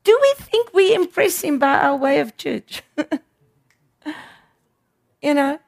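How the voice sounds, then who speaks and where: A woman's voice: high-pitched, sing-song, slow, vocal fry, long pauses. A woman preaching a sermon, emphatic and repeating words for stress.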